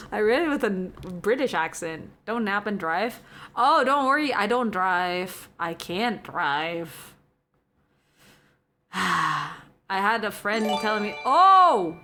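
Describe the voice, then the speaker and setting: A young woman hosting a relaxed live stream, chatting with her viewers and reading their messages aloud. She is giggly and chatty, sliding between a soft, hushed voice and sudden bursts of excitement. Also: medium pitch, takes it slowly, a little hiss or hum. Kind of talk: casual stream chat.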